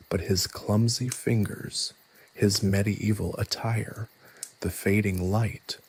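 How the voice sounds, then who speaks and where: A man reads a scripted story in a soft, hushed and evenly paced way. His voice sits a little low and has a gravelly, husky grain. The delivery stays calm and measured throughout. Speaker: narrator.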